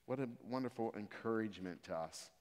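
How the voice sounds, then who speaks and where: A man preaching a sermon, moving from calm explanation of scripture to loud, emphatic exhortation. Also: fairly low pitch, a little fast. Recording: reverberant hall.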